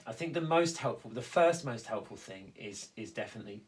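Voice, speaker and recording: A man speaking earnestly in a reflective conversation, halting and restarting as he explains how he copes with loss. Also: medium pitch, expressive. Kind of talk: reflective conversation about grief.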